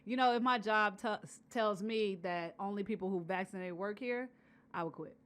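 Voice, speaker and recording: A woman co-hosting a podcast in a playful, casual chat, laughing often and trading quick jokes. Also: medium pitch. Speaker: podcast co-host.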